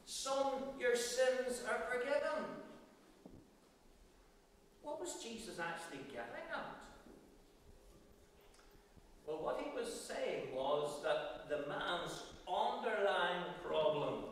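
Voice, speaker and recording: A man's voice: fairly high pitch, slight background noise. Man preaching in an echoey church. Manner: expository preaching, reading scripture aloud. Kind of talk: sermon. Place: church hall. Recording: echoey hall, speaker far from mic.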